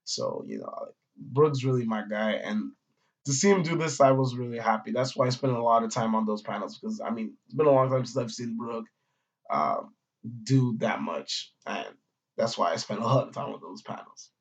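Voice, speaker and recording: In a sing-song, mid-range voice and at a moderate pace, a man reviews a comic chapter as a manga reviewer, rambling casually with slang, cursing and frequent fillers. The recording is audio-only and sounds dull and lo-fi.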